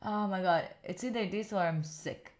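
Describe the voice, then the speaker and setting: A woman's voice: mid-range voice, normal speed, darkish tone. A woman in her twenties, a study streamer from Italy, chatting tiredly and rambling as she answers her live chat. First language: Italian. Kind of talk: casual livestream chat.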